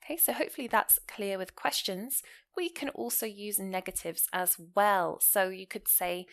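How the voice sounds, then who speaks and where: A woman gives a grammar lesson in a clear, explanatory voice. She walks through example sentences and stops to ask the listener questions. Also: medium pitch, normal speed, fairly bright tone. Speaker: English teacher.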